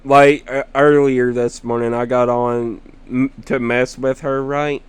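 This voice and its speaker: A man's voice: medium pitch, level tone, clean tone, dry recording. A young man rambling casually about his sister and a game partner, telling stories with chuckles along the way. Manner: slow, rambling storytelling with chuckles. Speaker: gamer vlogger.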